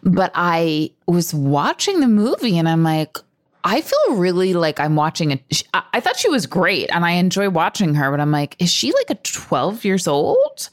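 A woman co-hosting a casual film review chat, reflective and expressive. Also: fairly low pitch, normal speed. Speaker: podcast co-host.

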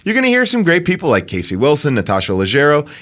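Jokey male podcast co-host with a lively voice. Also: fairly high pitch, fast. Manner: jokey, laughs easily. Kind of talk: casual comedy chat.

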